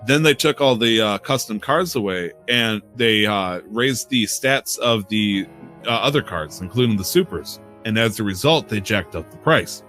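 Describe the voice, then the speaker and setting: A man's voice: fairly low pitch, expressive, moderate pace, bright, forceful tone, soft background music. A man co-hosting a podcast, telling rambling, profane stories with frequent laughs in a casual chat. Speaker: podcast co-host.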